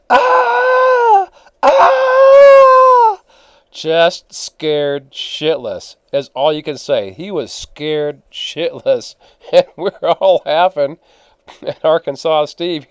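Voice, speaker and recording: A man's voice: fairly high pitch, darkish tone, clear, resonant tone, no echo. A man casually narrating his own gold prospecting photos, rambling with fillers and laughs. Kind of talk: casual storytelling.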